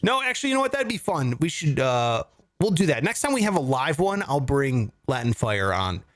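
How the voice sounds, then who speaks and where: A man's voice: mid-range voice, big pitch swings, fairly quick. A man hosting a casual comedy podcast from home, joking and laughing through playful rants. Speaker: podcast host. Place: home studio.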